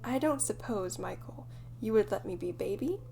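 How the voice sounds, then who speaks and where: A woman's voice: fairly high pitch, very animated, a little fast, mellow, slight background noise, pitched above the performer's own voice. Toodles, a woman doing a meek little boy. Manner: diffident, hesitant.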